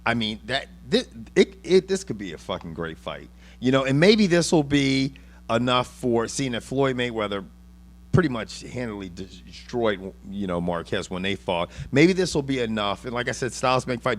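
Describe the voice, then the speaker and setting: On his casual boxing podcast, a man curses liberally and stumbles animatedly through his arguments, restarting again and again. He has a mid-range voice at normal speed.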